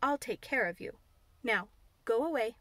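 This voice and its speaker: A woman's voice: fairly high pitch, expressive, moderate pace, fairly bright tone, no echo. A woman voicing a spoiled, sickly boy who speaks grandly and gives orders. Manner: grand, demanding, peremptory.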